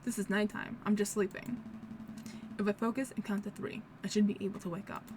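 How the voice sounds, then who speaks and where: A woman's voice: medium pitch, level tone, a little fast, noisy background, lightly acted. A woman voicing an anxious male bird lawyer who is easily flustered, reading a game aloud. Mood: distressed. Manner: worried, self-doubting.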